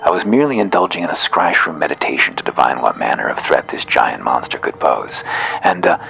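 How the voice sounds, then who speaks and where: Man plays flustered fussy mayor, prim politeness, lively pitch swings. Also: fairly quick, gravelly, a little hiss or hum, heavily acted. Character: flustered fussy woman village mayor, nervous.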